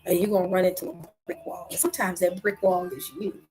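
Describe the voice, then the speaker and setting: A woman giving impassioned religious commentary, asking rhetorical questions and dropping into whispers between loud outbursts. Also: on the low side, fairly even intonation, fast, low-quality recording. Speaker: online talk host.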